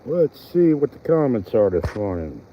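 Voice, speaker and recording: A man's voice: mid-range voice, sing-song, normal speed, muffled recording, a little hiss or hum. A man chatting casually on a fishing vlog by a pond, rambling with fillers. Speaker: fishing vlogger. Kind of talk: casual outdoor vlog narration. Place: outdoors by a pond.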